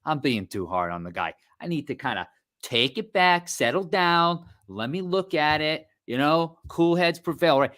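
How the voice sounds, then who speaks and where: Male podcast co-host, lively pitch, profane storyteller. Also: normal speed. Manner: animated, swearing, acting out quotes. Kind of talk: casual podcast chat.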